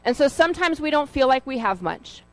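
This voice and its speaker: A woman's voice: high-pitched, sing-song, a little fast, dry recording, rough recording. A woman giving an informal sermon, talking in a conversational, storytelling way with fillers and asides. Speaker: lay preacher.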